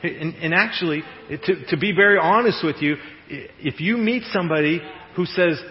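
A male pastor giving a conversational, animated sermon in a church and laughing now and then at his own jokes. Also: on the high side, moderate pace. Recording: echoey hall, dull radio-like sound.

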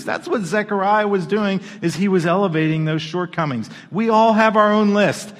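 A man preaching a sermon, his slightly high voice swinging between loud, punchy emphasis and hushed asides. He talks to the congregation conversationally. The sound trails off into a long hall reverb. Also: normal speed, hardly any pauses. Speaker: pastor.

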